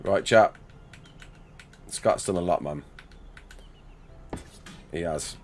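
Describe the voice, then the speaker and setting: A man's voice: sits low, drawn-out words, a little hiss or hum. A man in his thirties chatting casually with his livestream chat while building in a game, reacting with laughs and sudden outbursts.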